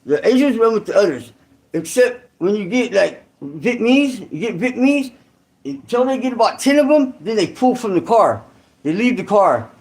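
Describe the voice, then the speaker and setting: Here the Santa Clara, California host's voice is high-pitched and darkish, with big pitch swings at a moderate pace. The online creator tells a story as a rambling, slangy monologue full of restarts and asides.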